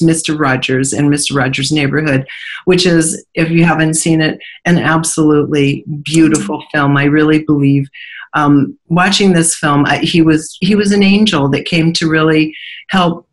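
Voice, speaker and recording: Chatty woman hosting an interview. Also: low voice. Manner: chatty, swaps stories and fun examples. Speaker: host. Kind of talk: casual interview chat.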